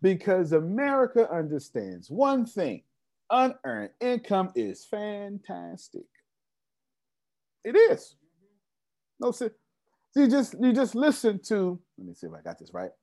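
A man's voice: sits high, huge pitch swings, unhurried, long pauses, darkish tone. A man giving a business seminar to a live audience, emphatic and repetitive, often asking the crowd rhetorical questions. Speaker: business coach.

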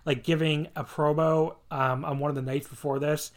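With a slightly high voice and flat delivery at normal speed, a man hosts a podcast, chatting loosely and eagerly while laughing and cursing along the way.

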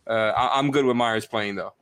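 A man's voice: fairly low pitch, moderate pace, fairly bright tone, smooth, dry recording. A man co-hosting a casual sports podcast, analyzing tactics with frequent restarts. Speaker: podcast co-host.

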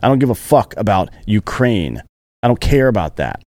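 Low-voiced, animated man ranting bluntly. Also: moderate pace, no echo, studio quality. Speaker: podcast co-host. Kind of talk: casual chat.

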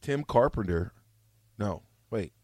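Lively male co-host, sports banter, dry close mic, pitch jumps around. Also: slow pace, no echo. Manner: animated, playful, protesting. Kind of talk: casual sports chat.

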